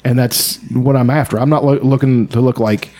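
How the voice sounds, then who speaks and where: A man's voice: medium pitch, fairly even intonation, moderate pace, warm tone. A man in casual podcast chat, blunt and profane, telling stories with animation. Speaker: podcast co-host.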